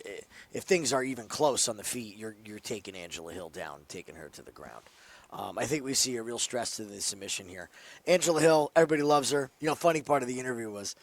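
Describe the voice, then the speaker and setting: A man talking casually as a sports betting analyst, telling scenarios with animated rises and then dropping low at the ends of lines. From New Jersey. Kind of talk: casual podcast chat.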